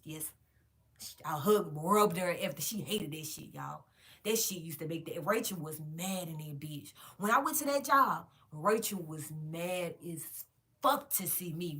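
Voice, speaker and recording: A woman vlogger telling a casual storytime monologue straight to her viewers, animated and emphatic, with plenty of swearing. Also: fairly low pitch, measured pace. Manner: directly addresses viewers.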